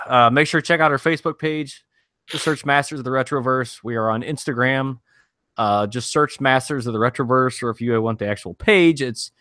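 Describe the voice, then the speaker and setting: A man's voice: medium pitch, bright, forceful tone, no room sound, clean studio sound. A man in his thirties co-hosting a podcast, laid-back and casually profane, laughing often. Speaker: podcast co-host. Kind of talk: casual chat.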